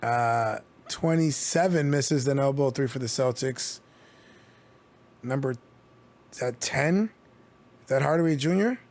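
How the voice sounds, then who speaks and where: Speaking slowly and pausing often, this streamer gives play-by-play for a live basketball game in a medium-pitched, darkish voice. He keeps it casual and chatty, dropping jokes between the plays he calls.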